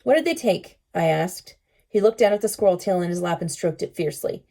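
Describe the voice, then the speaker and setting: Teacher read-aloud, woman, warm dark tone, calm and expressive. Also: lowish voice, fairly quick, vocal fry. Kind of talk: reading a children's novel aloud.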